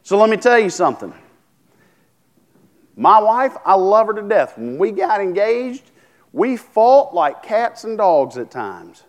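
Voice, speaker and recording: A man's voice: sits high, sing-song, measured pace. A man preaching a sermon, talking casually, asking the congregation questions and restarting his sentences. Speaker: pastor.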